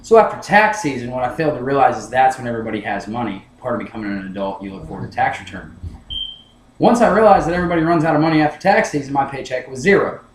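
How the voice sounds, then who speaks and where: A man's voice: medium pitch, expressive, fast talker, echoey room, a little hiss or hum, poor audio. A young man giving a class speech, telling a personal story, often repeating words as he restarts his sentences. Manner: storytelling with many restarts, acts out his past self. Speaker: student speaker.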